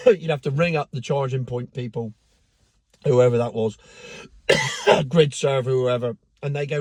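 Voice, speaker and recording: A man's voice: mid-range voice, a little slow, pauses often, a little mellow, no room sound. A man giving a sardonic, mocking rant in casual commentary, with the odd swear word. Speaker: car vlogger.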